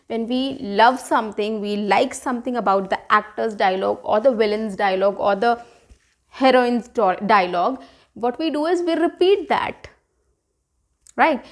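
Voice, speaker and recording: A woman gives a spoken lesson in a high voice. She explains patiently, repeating her points and checking in with "right?" as she goes. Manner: explains with repetition, keeps asking "right?". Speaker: English teacher.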